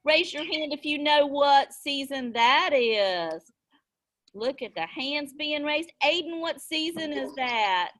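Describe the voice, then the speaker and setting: A high-pitched woman teaches a class of young children over a video call. She takes her time, drawing words out in an encouraging sing-song. Little gasps of delight punctuate her questions. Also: expressive, takes it slowly, a bit bright.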